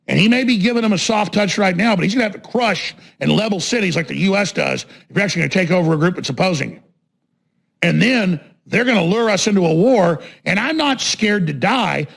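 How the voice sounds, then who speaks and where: Man, talk radio host, high-pitched, gravelly, combative rant, repetitive emphasis, shouty. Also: animated, brisk. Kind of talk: ranting political monologue.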